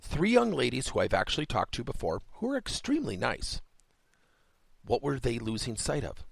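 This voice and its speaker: A man's voice: medium pitch, huge pitch swings, moderate pace, creaky, dry recording. A man hosting a workplace coaching podcast, telling a story with rhetorical questions.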